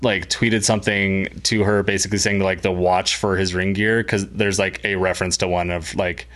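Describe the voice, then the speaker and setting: A man's voice: deep voice, little pitch movement, normal speed, fairly bright tone. A man co-hosting a podcast, talking casually and rambling with lots of "like". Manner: rambling, heavy use of "like". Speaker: podcast co-host. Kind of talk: casual chat.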